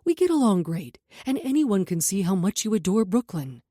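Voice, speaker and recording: A woman narrator voicing a steady, persuasive man who speaks low, calm and commanding in an audiobook. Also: normal speed, no room sound, studio quality.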